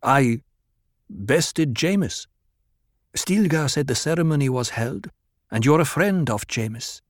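A man's voice: expressive, unhurried, dry recording, natural voice. A man voicing an anxious, proud young desert woman in a raised, insistent voice, in a dry recording. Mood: wary. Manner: pleading, insistent, high put-on voice.

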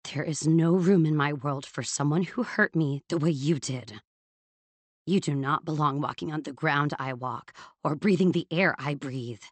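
Female narrator as a wounded young woman turned icy; low, quiet, controlled. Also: normal speed, no echo. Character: young woman, hurt and coldly resolved. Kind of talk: audiobook character voice.

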